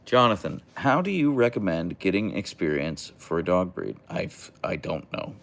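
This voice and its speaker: A man's voice: low voice, sing-song, moderate pace, gravelly. A young man hosting a casual livestream, reading chat aloud and answering in a rambling, hesitant way with many fillers and restarts.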